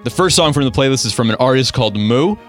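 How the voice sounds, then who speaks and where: A man's voice: mid-range voice, lively intonation, quick pace, faint music behind. A young man hosting a radio show, chatting casually in a laid-back, rambling, self-deprecating way. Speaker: radio host. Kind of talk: casual chat.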